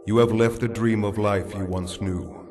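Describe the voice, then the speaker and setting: A man plays a serene otherworldly guide at the gate of the afterlife, speaking calmly and philosophically. His voice sits on the low side. Clear music runs beneath every line. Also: normal speed, close to an everyday voice. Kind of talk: dubbed drama dialogue.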